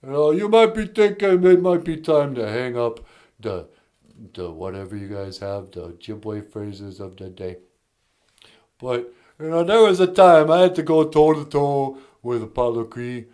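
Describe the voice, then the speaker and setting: A man doing a gruff tough-guy boxer impression. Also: mid-range voice, expressive, a little slow, a little mellow, natural voice. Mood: swaggering. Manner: mumbled street slang, "hey, yo".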